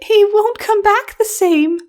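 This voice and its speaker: A tiny, frightened filly princess from a storybook, calling out in a high, breathless rush, as a woman narrator puts her on. Her voice sits far above an adult's, small and pleading. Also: measured pace, darkish tone. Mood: urgent. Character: frightened little filly princess, urgent and groggy. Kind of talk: audiobook character voice.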